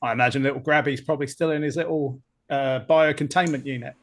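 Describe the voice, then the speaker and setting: A man's voice: mid-range voice, fairly even intonation, fast talker, close to an everyday voice. Shifty, defensive crewman in a shaky mock-Cockney voice, put on by a man. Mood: evasive. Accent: put-on Cockney drifting toward Australian. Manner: says "mate" constantly, dodgy and defensive. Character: shifty male starship crewman, evasive.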